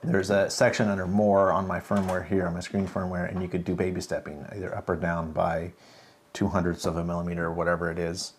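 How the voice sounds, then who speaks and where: A man hosting a casual livestream, talking through printer setup step by step in a relaxed way with fillers. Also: sits low, fast talker. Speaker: host. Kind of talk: casual livestream tech talk.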